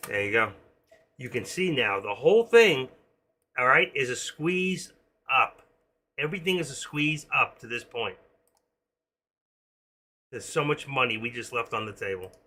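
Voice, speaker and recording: Rambling through casual live-stream commentary, an excitable man in his sixties who day trades drops pep-talk asides. His voice sits in the mid range.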